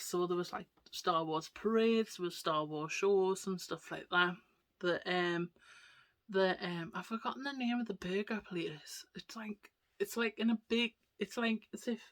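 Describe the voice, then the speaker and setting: A woman chatting casually to camera, rambling through stories and dropping into soft whispered asides. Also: mid-range voice. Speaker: vlogger. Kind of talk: casual storytelling chat.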